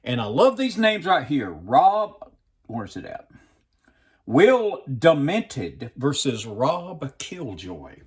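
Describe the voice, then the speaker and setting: Man, channel host, casual reading and commentary, rambling, self-deprecating, mid-pitch, camera mic. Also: wildly swooping pitch, slow. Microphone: webcam framing.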